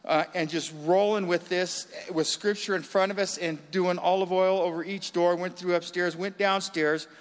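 High-voiced man telling an animated testimony. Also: normal speed, hardly any pauses, in a large hall. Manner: animated storytelling, acts out voices. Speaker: guest giving testimony. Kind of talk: church testimony.

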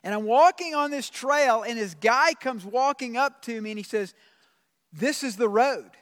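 A pastor preaches to his congregation in a voice pitched quite high for a man. His delivery is earnest: he reads scripture aloud and drags out the phrases he wants to stress. His voice rings out with the long reverb of a big sanctuary. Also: moderate pace, fairly bright tone. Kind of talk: sermon. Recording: long reverb of a large room.

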